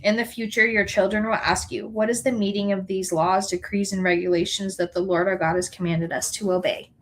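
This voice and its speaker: A woman reading scripture aloud in an earnest, unhurried way, now and then correcting a word. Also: mid-range voice, fairly even intonation, a little hiss or hum, poor audio. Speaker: scripture reader.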